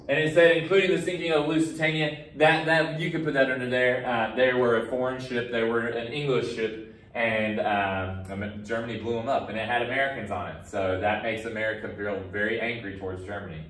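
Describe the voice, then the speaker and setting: A man's voice: medium pitch, steady tone, a little fast, fairly bright tone, recorded from a distance. Casual male history teacher, roomy sound. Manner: casual, talks to students, acts out countries in silly voices. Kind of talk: recorded classroom lecture.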